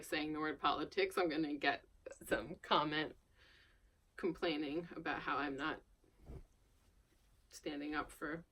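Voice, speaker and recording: Working at a table indoors, an accentless Long Island vlogger chats to camera in a rambling, self-deprecating way. Her medium-pitched voice has a fairly bright tone and often sinks to a murmur.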